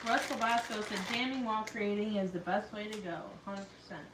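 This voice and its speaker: A woman's voice: medium pitch, brisk. A woman hosting a casual livestream, reading viewer comments aloud in a giggly, playful way. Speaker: livestream host reading chat. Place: workshop. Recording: echoey workshop from far off with noise.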